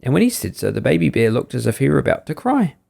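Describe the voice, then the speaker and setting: Gravelly man reading a bedtime story. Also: medium pitch, quick pace. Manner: lively, sing-song storytelling. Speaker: storyteller, podcast host.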